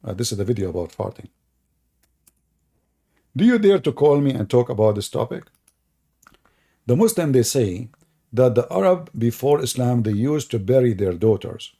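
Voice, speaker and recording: Gravelly, husky man mocking on stream. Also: mid-range voice, big pitch swings, moderate pace, long pauses, warm tone. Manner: sarcastic, mocking, with loose non-native grammar. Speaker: livestream host taking callers. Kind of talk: mocking religious-debate livestream.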